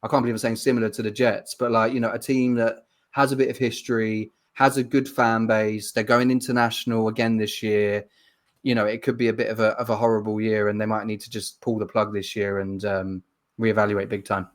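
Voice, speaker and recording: A man's voice: lowish voice, little pitch movement, fairly quick. A man co-hosting a sports podcast, giving blunt, opinionated takes in casual chat. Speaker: podcast co-host.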